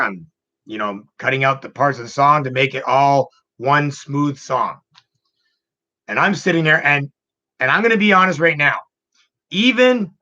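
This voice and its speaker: A man's voice: fairly high pitch, sharp tone. A man hosting a casual vlog, telling a personal story in an emotional, rambling way and repeating himself. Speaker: channel host. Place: home computer room. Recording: dull lo-fi home recording.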